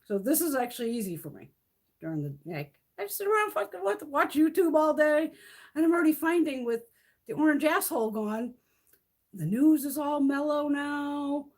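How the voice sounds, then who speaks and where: A woman's voice: high-pitched, lively intonation, moderate pace. A middle-aged woman vlogger ranting bluntly in a casual livestream, swearing freely and laughing often. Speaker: beauty vlogger.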